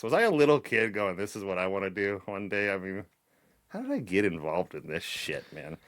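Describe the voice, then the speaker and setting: A middle-aged man in loose podcast banter, animated and quick to swear or laugh. His voice sits on the low side and sounds close and dry, with no room around it. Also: no room sound. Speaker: podcast co-host. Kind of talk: casual chat.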